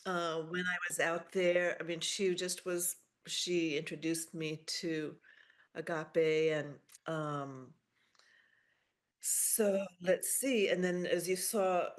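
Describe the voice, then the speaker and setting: Slow, halting middle-aged woman. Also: on the low side, fairly even intonation. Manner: halting, with many pauses and fillers. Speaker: memorial speaker. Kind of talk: heartfelt personal remembrance. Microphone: video call.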